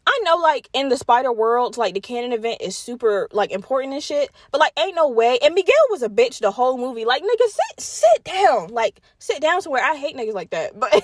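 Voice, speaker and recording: A young woman with a slightly high voice hosts a casual solo podcast chat, animated and profane, addressing her listeners directly. The recording is dry and close, with no room sound.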